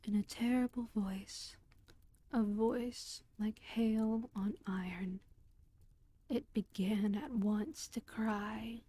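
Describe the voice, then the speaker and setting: Whispering woman reading slowly. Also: on the high side, fairly even intonation, breathy edge. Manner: whispered, slow, gentle reading. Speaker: storyteller. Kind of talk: whispered role-play.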